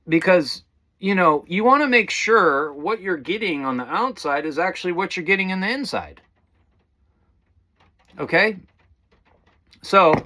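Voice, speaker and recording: A man's voice: a little high, bright, forceful tone. A man giving a casual spiritual talk to viewers, rambling and calling them guys. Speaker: spiritual teacher.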